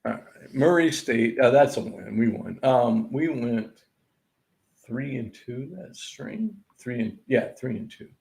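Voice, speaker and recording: A man's voice: medium pitch, expressive, takes it slowly, gravelly, darkish tone. A man hosting a sports-picks recap, going over college basketball scores in an exasperated, sarcastic rant. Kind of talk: ranting sports betting recap.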